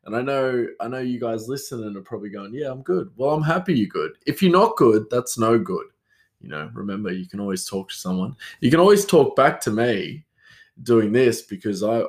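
A man, hosting a solo podcast in a rambling, self-mocking chat that answers itself. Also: lowish voice. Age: 30s. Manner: rambling, self-mocking, talks back to himself. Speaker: podcast host.

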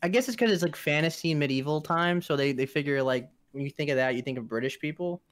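A man's voice: a little high, fast talker, no room sound. A man co-hosting a podcast, chatting casually about games in a rambling way, with plenty of fillers and restarts. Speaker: podcast co-host.

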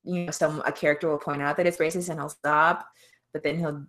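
A woman's voice: deep voice, little pitch movement, a little fast, a bit bright. A young woman co-hosting a podcast, recapping a film plot in rambling casual chat, full of "um" and "like" fillers. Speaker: podcast co-host.

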